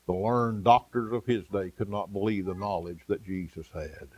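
A man preaching an evening sermon, with a rhythmic delivery that rises for emphasis and drops soft and low. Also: fairly even intonation, moderate pace, no room sound.

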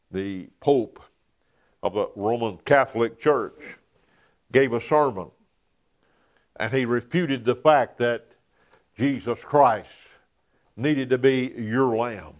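A man preaching a sermon in a church, filling pauses with "uh" and dropping to a near whisper on key words. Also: medium pitch. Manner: preaching with frequent "uh" fillers, dropping to hushed emphasis.

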